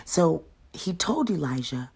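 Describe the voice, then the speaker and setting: A woman giving a Bible devotional, often dropping into a soft half-whisper and rising with emphasis on key lines. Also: sits low, big pitch swings, takes it slowly, gravelly, husky. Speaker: devotional speaker.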